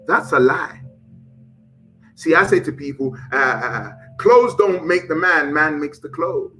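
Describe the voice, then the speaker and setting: A man with a fairly high voice runs a live motivational talk, hammering home affirmations and guiding slow breaths. He talks straight to his viewers in an energetic, preachy way. Soft music plays faintly behind him. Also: rough recording. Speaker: motivational live-stream host.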